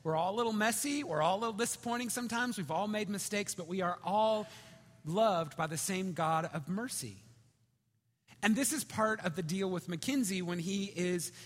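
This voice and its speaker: A man preaching a sermon in a conversational, storytelling way, swinging between loud and hushed. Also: high voice, normal speed. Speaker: pastor. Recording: reverberant hall.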